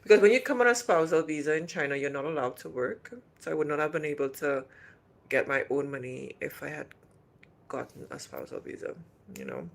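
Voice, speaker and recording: Her voice is low and gravelly, swinging widely in pitch at a brisk clip. A woman from Trinidad and Tobago with a slight Trinidadian accent, she runs a casual hotel-room livestream, answering viewers' questions chattily, rambling and restarting a lot.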